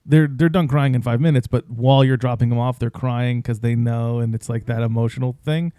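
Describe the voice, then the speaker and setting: A man's voice: medium pitch, steady tone, brisk, warm tone, clear, resonant tone, no room sound. A man in his thirties co-hosting a podcast, talking in a thoughtful, reflective way. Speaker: podcast co-host. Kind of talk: casual chat.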